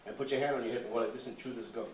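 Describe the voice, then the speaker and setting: A brusque, commanding film director barks orders, as an older man with a Nuyorican accent puts him on in a live story. The voice rises a little above its usual pitch and rings in a roomy stage, heard from a distance. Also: steady tone, very fast, slight background noise, lightly acted. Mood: ordering. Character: bossy male film director.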